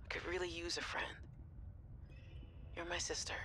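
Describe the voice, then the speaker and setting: A woman's voice: on the low side, little pitch movement, normal speed, pushed and bright. Anxious young woman scientist. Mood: fearful. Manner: hesitant, often dropping to a near whisper. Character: anxious young woman scientist sending voice messages to her sister. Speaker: game character. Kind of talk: recorded voice messages in a video game.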